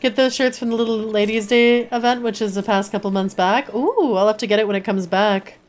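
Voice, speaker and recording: A woman's voice: mid-range voice, steady tone, a little fast. A woman streamer chatting casually and playfully with her viewers while she plays a game. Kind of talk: casual gameplay chat.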